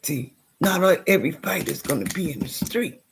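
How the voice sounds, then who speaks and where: A woman vlogger giving an impassioned personal monologue, swinging between loud outbursts and hushed whispers and repeating phrases for emphasis. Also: sits low, normal speed, creaky, a little hiss or hum.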